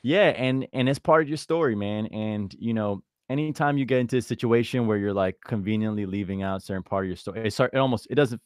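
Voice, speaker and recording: Low-voiced laid-back brand coach, dry sound. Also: male voice, fast talker, few pauses, darkish tone, clear, resonant tone, dry recording. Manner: laid-back, encouraging, calls people "bro" and "man". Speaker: brand and content coach, host. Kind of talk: casual coaching conversation.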